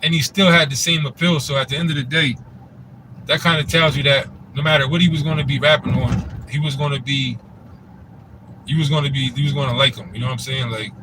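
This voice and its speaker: A man's voice: mid-range voice, steady tone, a little fast, background noise. A man in a casual commentary monologue, laid-back and rambling, with the loose phrasing of a host talking to his channel. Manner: laid-back, rambling, frequent "you know what I'm saying".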